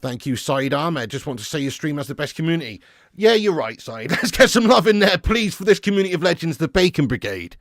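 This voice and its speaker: A man hosting a live football watch-along, slightly higher-pitched than most men. He chats loosely with his viewers and swears freely, flaring into loud, excitable bursts at the action. The sound is dry and close, with almost no room. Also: fairly quick, no echo. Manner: reads out viewer comments casually.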